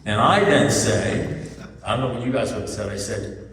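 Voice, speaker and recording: Male speaker at a recovery meeting, animated storyteller, recorded from afar with hall reverb. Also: on the low side, normal speed, noisy background. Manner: storytelling with animated quoted dialogue. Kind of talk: personal testimony talk. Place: church hall. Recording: echoey hall from far off. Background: faint audience laughter.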